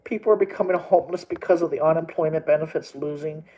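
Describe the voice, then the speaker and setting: A man's voice: a little high, steady tone, fast talker, dark tone, poor audio. A young man from Texas, a storm chaser vlogging, rambling emotionally and crying as he repeats himself. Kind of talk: emotional vlog rant.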